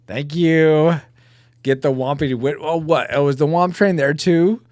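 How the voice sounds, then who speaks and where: A man's voice: a little high, fairly even intonation, moderate pace, a little mellow, no echo, studio quality. A man live-streaming while drawing pixel art, chatting casually and joking about himself to his viewers. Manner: chatty, self-mocking, talks to chat.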